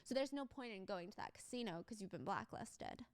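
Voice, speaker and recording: A woman's voice: mid-range voice, brisk, no echo. A woman streamer on a live broadcast who tells a story with animation and reads out quotes along the way. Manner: animated retelling, reading out quotes.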